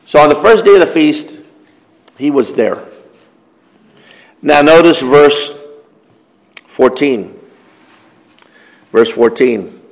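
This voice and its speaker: A man's voice: a little high, lively intonation, slow pace, creaky, pauses often. Man preaching in a reverberant hall. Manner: reads scripture aloud then explains it conversationally, posing questions. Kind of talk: Bible study sermon.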